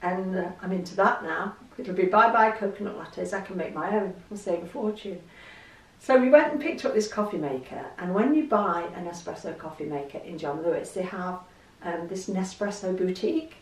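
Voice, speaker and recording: A woman's voice: lowish voice, moderate pace. An English woman vlogging in a chatty storytelling way, laughing easily as she talks. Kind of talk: casual chat to camera. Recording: roomy echo, distant mic.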